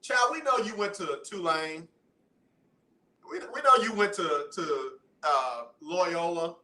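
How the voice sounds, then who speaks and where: A man hosting a casual radio talk show, animated as he banters with listeners and callers. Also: a little high, takes it slowly, echoey room, poor audio. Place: radio studio.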